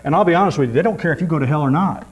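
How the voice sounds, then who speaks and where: A man's voice: on the high side, racing, low-quality recording. A man preaching a sermon in a folksy, repetitive way, with frequent amens.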